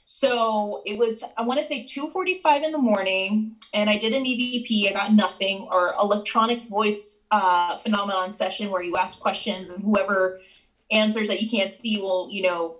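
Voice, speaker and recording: A woman paranormal investigator, a guest on a video call, calmly recounting an investigation at a haunted inn. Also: mid-range voice, moderate pace, poor audio. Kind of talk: casual storytelling.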